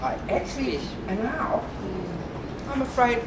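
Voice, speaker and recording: A woman's voice: high voice, measured pace. A woman chatting through a personal story at a library morning tea, self-deprecating, laughing often and full of ums. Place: library meeting room. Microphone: distant room recording. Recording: echoey room from far off, with background noise.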